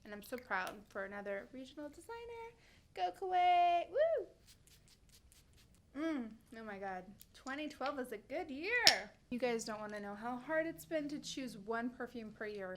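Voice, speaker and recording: A woman's voice: on the high side, sing-song, moderate pace, hardly any pauses, a bit bright. A woman in her thirties talking casually to camera as a beauty vlogger, gushing with enthusiasm and stumbling over names. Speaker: beauty vlogger reviewing perfumes.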